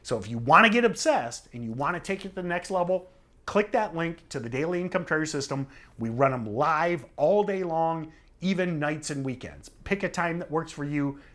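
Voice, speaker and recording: This middle-aged trader-trainer delivers a casual lesson to camera, keeping it chatty and leaning on a repeated "okay?" for emphasis. His fairly high, fairly bright voice has lively intonation and a moderate pace.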